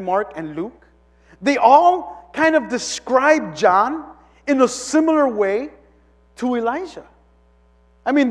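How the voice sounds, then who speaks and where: A male preacher teaching a casual sermon, talking conversationally with frequent "like" fillers and quick restarts. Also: extremely high pitch. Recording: long reverb of a large hall.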